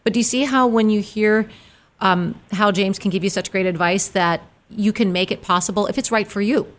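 A woman co-hosting a talk show, speaking in a supportive, halting way. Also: mid-range voice.

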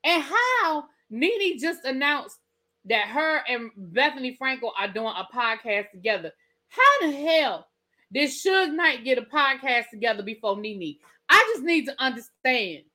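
A woman hosting a casual celebrity gossip podcast, talking in an animated, incredulous way with laughing asides. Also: high-pitched, unhurried. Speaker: podcast host.

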